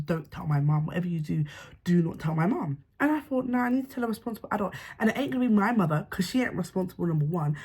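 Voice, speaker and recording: A woman's voice: low-pitched, darkish tone, husky. A young woman, candidly telling a personal story to camera in casual slang, swearing freely. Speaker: vlogger.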